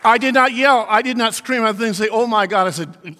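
Animated preacher with a high voice. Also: male voice, a little fast, few pauses, long reverb tail. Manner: animated preaching with acted-out quotes. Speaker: pastor. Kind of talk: sermon.

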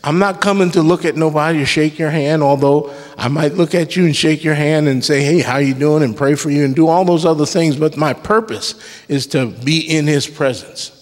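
A fairly high-pitched man preaches at a normal pace, leading worship from a church sanctuary. The sermon is emphatic, with call-and-response and casual jokes, and the long reverb of the hall hangs over it.

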